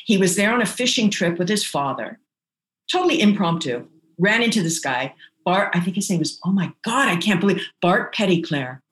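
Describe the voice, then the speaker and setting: Animated woman telling stories in an echoey room. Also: fairly low pitch, moderate pace. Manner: animated, acts out quoted voices. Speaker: guest. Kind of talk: casual anecdotal storytelling. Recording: roomy echo.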